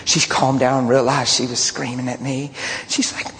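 A man preaching a sermon as a pastor, telling stories in a blunt, animated way. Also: medium pitch, normal speed, slight background noise. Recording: long hall reverb, faint ambience.

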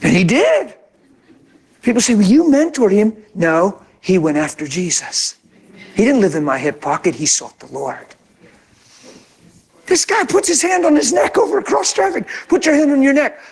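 Very high-voiced man preaching animatedly. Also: normal speed, creaky, long pauses, slightly rough. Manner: animated, acts out quoted dialogue. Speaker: pastor. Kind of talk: sermon storytelling.

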